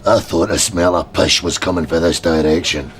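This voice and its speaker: A man's voice: sits low, fairly even intonation, normal speed, natural voice. An actor with a Scottish accent playing a brash, swaggering tough who calls himself the big man, firing off crude insults in a sketch comedy. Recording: crowd and noise behind, laughter.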